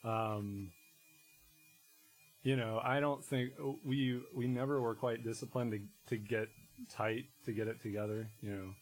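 A man, a musician guest in casual conversation, talking in a rambling, halting way full of restarts and fillers. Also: fairly low pitch, steady tone, a little hiss or hum, low-quality recording.

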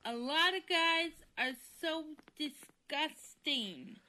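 A woman's voice: high-pitched, lively intonation, takes it slowly, sharp tone. A woman lecturing in a short social media clip, preachy and scolding. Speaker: TikTok creator.

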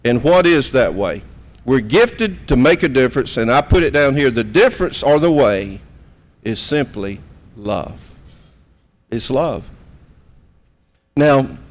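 A man's voice: medium pitch, lively intonation, takes it slowly, pauses often, long reverb tail. A man in his fifties preaching a conversational sermon and putting questions to the room. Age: 50s. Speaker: pastor.

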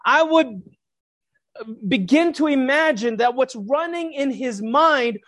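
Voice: high-pitched, expressive, slow, a bit bright. A preacher delivering a reflective sermon, posing rhetorical questions to the listeners.

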